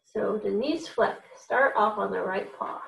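Slow, gentle woman reading picture books aloud. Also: medium pitch, creaky. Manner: slow, gentle, animated storytelling with character voices. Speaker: children's reading program host. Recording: echoey room, a little far from mic.

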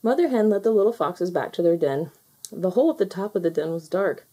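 Lady reading a kids picture book out loud, soft mellow voice, expressive. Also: fairly low pitch, brisk, breathy edge. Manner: gentle, expressive storytelling. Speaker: storybook reader.

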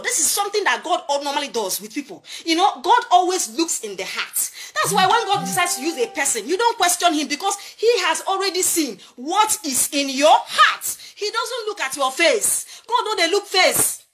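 A woman's voice: extremely high pitch, big pitch swings, moderate pace, few pauses, fairly bright tone. A Nigerian woman giving an impassioned commentary monologue, emphatic and preachy, full of rhetorical questions. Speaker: political commentator.

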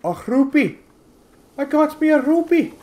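A man's voice: very high-pitched, lively intonation, unhurried, warm tone, faint music behind, voice pushed up. Man putting on a giddy stage-Irish lilt. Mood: gleeful. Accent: put-on Irish.

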